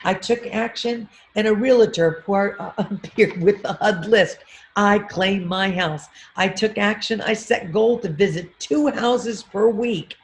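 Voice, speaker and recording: Gravelly-voiced woman telling a story. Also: medium pitch, measured pace, few pauses, slight background noise. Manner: animated storytelling with repeated affirmations and frequent laughs. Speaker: motivational speaker. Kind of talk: storytelling talk on a live video call. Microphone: video call.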